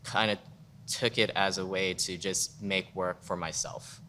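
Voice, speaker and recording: A man's voice: low-pitched, fairly even intonation, a little slow, pushed and bright, a little hiss or hum. A man guest photographer in a casual panel talk, rambling and frank, full of "like" fillers. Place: museum event space.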